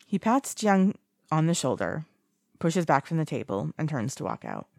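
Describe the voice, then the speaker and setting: Steady audiobook narrator, gravelly texture, dry sound. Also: mid-range voice, no echo.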